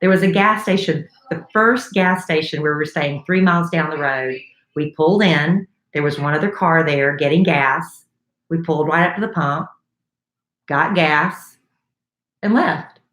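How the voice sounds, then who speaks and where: A middle-aged woman co-hosting a radio show, telling a story in a chatty, lively way. Her voice sits low, and the recording has the ring of an echoey room. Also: moderate pace. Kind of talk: casual chat.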